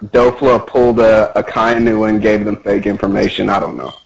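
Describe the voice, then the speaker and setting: A man's voice: on the low side, moderate pace, gravelly, lo-fi sound. A man co-hosting a podcast in casual chat, rambling and hesitant as he works through his thoughts. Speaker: podcast co-host.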